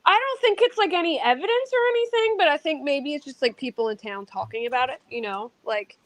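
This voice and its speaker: A woman's voice: high voice, animated, a little fast, dry recording, rough recording. A woman hosting a casual true-crime panel chat, talking loosely with many fillers. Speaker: host.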